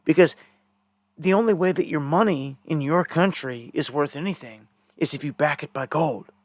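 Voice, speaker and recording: Male live-stream news host, rambling and indignant, slightly high voice, dry close sound. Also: moderate pace, no echo.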